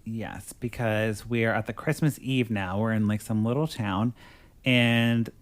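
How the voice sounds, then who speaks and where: A man's voice: fairly low pitch, fairly even intonation, unhurried. A man hosting a podcast, casually recapping a movie plot and filling his talk with "like". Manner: chatty, fills speech with "like". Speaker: podcast host.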